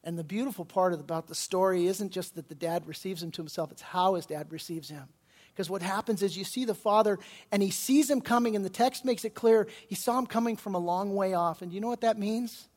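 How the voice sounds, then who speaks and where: Impassioned high-voiced male pastor. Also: fairly quick. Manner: impassioned, acts out prayers and Bible figures in quotes; drops to soft, quiet tones when closing. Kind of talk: sermon.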